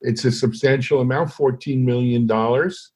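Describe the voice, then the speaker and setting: A man's voice: mid-range voice, fairly even intonation, moderate pace, darkish tone, slightly rough. A man hosting an interview podcast, asking upbeat questions with a few restarts. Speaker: podcast host.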